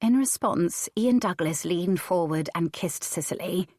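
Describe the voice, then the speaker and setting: A woman narrating a historical romance audiobook in an even, measured storytelling manner. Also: on the low side, no echo, clean studio sound. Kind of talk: scripted narration.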